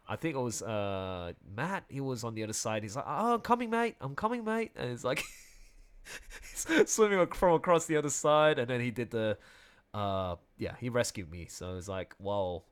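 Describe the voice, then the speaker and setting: A young man telling a personal story in casual conversation, animated, often laughing and restarting his sentences. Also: on the low side.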